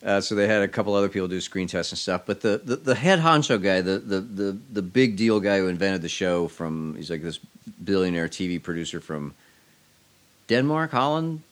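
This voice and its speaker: Rambling man with a low voice. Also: expressive, normal speed. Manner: rambling, restarts often, wry. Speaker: interview guest. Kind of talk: casual storytelling chat.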